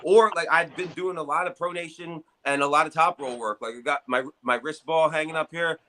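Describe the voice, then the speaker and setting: Chatting casually, an armwrestling show host spins profane, filler-packed stories in a fairly quick, bright, forceful voice that is somewhat high and fairly even in intonation. The audio is poor, with a little background noise.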